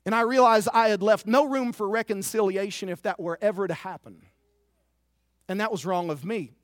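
Male pastor, high voice, earnest confessional sermon delivery, dry close recording. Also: normal speed, no room sound. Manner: earnest, confessional preaching with repeated words.

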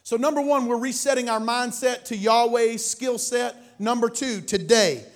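A male pastor preaching a sermon, animated, swinging between loud bursts and quiet asides. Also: very high voice, moderate pace, hardly any pauses.

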